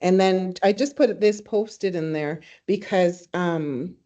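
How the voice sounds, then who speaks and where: A woman teaching a language in a webinar, speaking warmly and reflectively, telling stories and laughing easily. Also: fairly low pitch, slow pace. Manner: warm, storytelling, laughs easily. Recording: slightly dull webinar audio.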